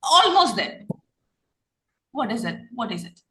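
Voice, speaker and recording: Woman, Malayali English accent, reading trainer, quizzing students, bright tone, roomy echo. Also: fairly high pitch, big pitch swings, measured pace. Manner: questioning, repeats herself, many restarts. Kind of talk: online class teaching. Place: online class.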